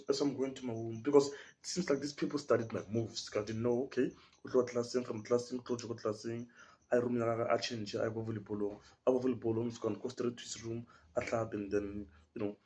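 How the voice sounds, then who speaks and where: A man's voice: mid-range voice, level tone, fairly quick, darkish tone. A young man with a South African accent, telling a story in a casual podcast chat, full of slang and acting out the people in it. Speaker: podcast guest.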